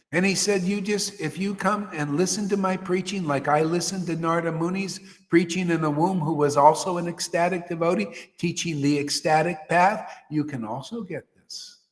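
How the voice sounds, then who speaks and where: A man giving a devotional sermon as a spiritual teacher, exhorting and colloquial. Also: sits high. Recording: reverberant hall.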